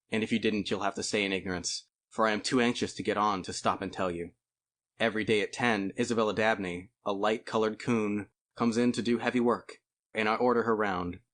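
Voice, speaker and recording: Man, audiobook narration, low voice, conversational, first-person storytelling. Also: fairly bright tone. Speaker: audiobook reader.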